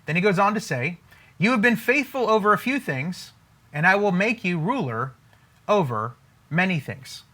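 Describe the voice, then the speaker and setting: A man's voice: sits high, big pitch swings, normal speed, bright, forceful tone. A man teaching scripture and money in an emphatic preaching style, repeating himself for emphasis and acting out imagined believers. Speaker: faith-based money teacher.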